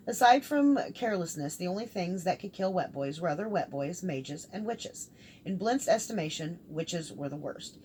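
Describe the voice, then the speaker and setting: A woman narrating a fantasy novel aloud, reading all the characters in one steady voice. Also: sits low, moderate pace, a little hiss or hum. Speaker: audiobook reader. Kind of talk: scripted narration.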